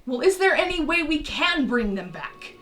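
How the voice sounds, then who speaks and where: A woman's voice: high voice, moderate pace, recorded from a distance, soft background music. A woman playing a tabletop game as a player, speaking animatedly. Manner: animated, laughing in character.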